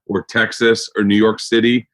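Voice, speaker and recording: A man's voice: lowish voice, little pitch movement, moderate pace. Man, American podcast host, casual chat, rambling stories, swears a lot. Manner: loud, swearing, rambling storyteller.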